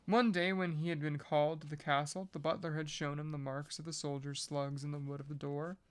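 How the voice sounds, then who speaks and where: A podcast reader reading a novel aloud at a measured pace, breaking off now and then for casual joking asides. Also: mid-range voice, flat delivery, smooth.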